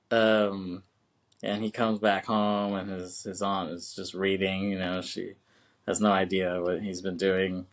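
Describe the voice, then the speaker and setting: A man co-hosting a podcast, casually recapping a film with lots of fillers and laughs. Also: on the low side. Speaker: podcast co-host.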